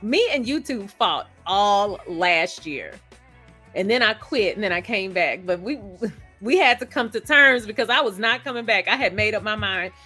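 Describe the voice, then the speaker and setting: A woman's voice: mid-range voice, expressive, moderate pace, bright, forceful tone, soft background music. A woman hosting a live stream, chatting casually, laughing often and greeting viewers by name. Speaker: host of a live stream discussion. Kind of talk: casual live chat reading viewer comments.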